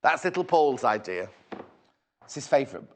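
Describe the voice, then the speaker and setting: A man's voice: mid-range voice, big pitch swings, normal speed. A man presenting fabric on a live shopping channel, chatty and bubbly with rambling asides and a slightly sore throat. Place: TV studio.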